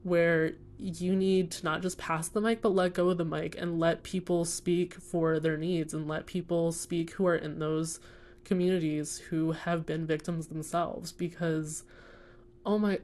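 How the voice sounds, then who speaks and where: A woman's voice: on the low side, fairly even intonation, takes it slowly, darkish tone. A young woman chatting casually about books she read, earnest and rambling with lots of fillers. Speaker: book vlogger. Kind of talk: casual chat while coloring.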